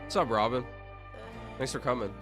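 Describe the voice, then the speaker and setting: A man's voice: mid-range voice, normal speed, over music. A man chatting casually on a livestream, rambling and interrupting himself while reading chat aloud.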